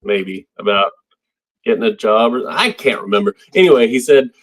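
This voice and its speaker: Laid-back rambling man, lowish voice. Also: lively intonation, moderate pace, slightly rough. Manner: rambling, laughs often. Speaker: podcast co-host. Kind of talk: casual chat.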